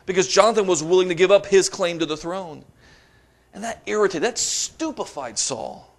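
A man delivering a sermon, reading scripture aloud with dramatic emphasis and rising to forceful peaks. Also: high voice, lively intonation, normal speed, creaky. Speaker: preacher.

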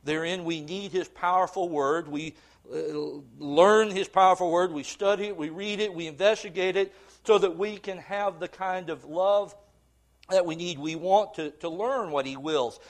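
A man preaching a sermon, reading scripture in old-fashioned wording and swinging from emphatic swells to low, slow passages.

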